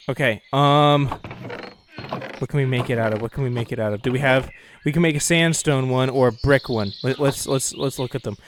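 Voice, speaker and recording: A man's voice: mid-range voice, brisk, a little hiss or hum. A man hosting a game let's-play, chatting to himself and to viewers in a casual, musing way, humming now and then as he plays. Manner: chatty, talks to himself, muses out loud, hums as he plays. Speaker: gaming channel host.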